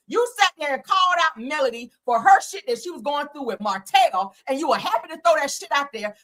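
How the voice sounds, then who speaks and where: A woman's voice: high voice, fairly bright tone. A woman hosting a casual gossip show, talking bluntly and profanely in a fired-up way. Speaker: host.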